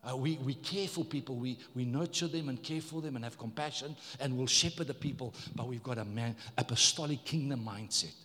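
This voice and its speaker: A man's voice: mid-range voice, fairly quick, few pauses, fairly bright tone. Emphatic male preacher in a reverberant church. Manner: emphatic preaching, repeats words, calls on the congregation. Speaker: pastor. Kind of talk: sermon.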